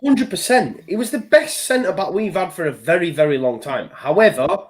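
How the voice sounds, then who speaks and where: Husky excitable man talking football. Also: high voice, moderate pace. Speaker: panelist. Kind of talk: casual football chat.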